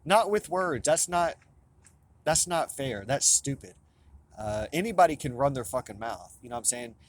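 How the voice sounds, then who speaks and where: A man in the middle of his range, neither high nor low, delivering a restless vlog monologue. He pushes his points hard, swears freely and keeps stumbling into restarts before charging on. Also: expressive, normal speed. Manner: restless, insistent, profane, with many restarts. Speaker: vlogger. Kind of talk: rambling monologue to camera.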